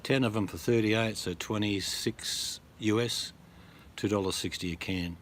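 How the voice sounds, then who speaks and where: Middle-aged Australian guy, low voice, blunt joker who rambles on camera. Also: unhurried, slight background noise. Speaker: vlogger. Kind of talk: casual to-camera chat.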